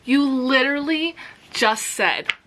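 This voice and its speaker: A woman's voice: high-pitched, animated, slow, pushed and bright. A young woman talking casually in a home reading vlog, gushing about a book and swearing freely. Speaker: book vlogger. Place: home bedroom.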